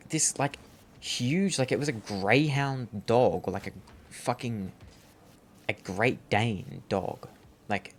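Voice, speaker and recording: A man's voice: fairly low pitch, slight background noise. A young man rambling through a story while gaming, swearing often and calling the listener bro. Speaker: gaming vlogger.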